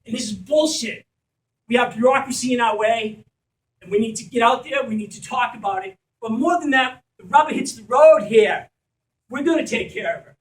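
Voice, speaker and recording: A man's voice: very high-pitched, moderate pace. A man speaking as organizer at a community fundraiser at a school, passionate and blunt, sometimes swearing. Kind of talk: impassioned fundraiser speech. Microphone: distant from the mic. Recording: echoey room, recorded from far off.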